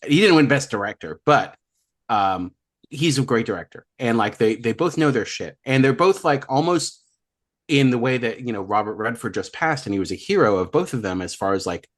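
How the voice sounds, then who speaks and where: A man co-hosting a movie podcast chats casually in an animated, medium-pitched voice at a moderate pace, rambling through his points with lots of fillers and restarts.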